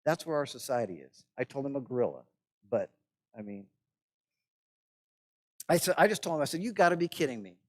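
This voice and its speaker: Man, pastor, lecturing, conversational, wry asides, mid-pitched voice. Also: very animated, normal speed, long pauses. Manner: conversational, checks in with "right?". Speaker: pastor teaching church administration. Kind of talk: classroom lecture.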